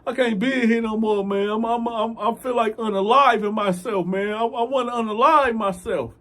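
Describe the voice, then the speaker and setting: A man's voice: extremely high pitch, normal speed, a bit bright, pitched above the performer's own voice. A man voicing a frightened male inmate who begs and stammers after being caught stealing. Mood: desperate. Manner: whiny, stammering, begging.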